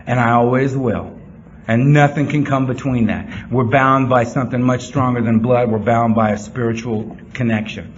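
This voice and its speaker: A man giving a speech to a meeting room audience. He talks earnestly, slipping into rapid-fire repeated phrases. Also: mid-range voice. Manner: animated, rapid-fire repetition; earnest, heartfelt. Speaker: recovery meeting speaker. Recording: slightly muffled, faint room hum.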